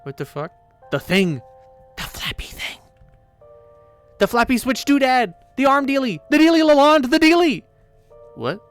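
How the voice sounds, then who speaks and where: A man voicing an excitable, flustered teenage girl in a read-aloud webcomic. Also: unhurried, gravelly, long pauses, faint music behind, full character voice. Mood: frantic. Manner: shrill frantic shouting.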